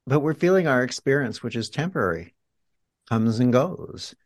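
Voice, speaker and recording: Man guiding a calm reflective exercise. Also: medium pitch, moderate pace, dry recording. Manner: guiding, explains in a teacherly way. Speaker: healer and guest. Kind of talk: reflective interview talk.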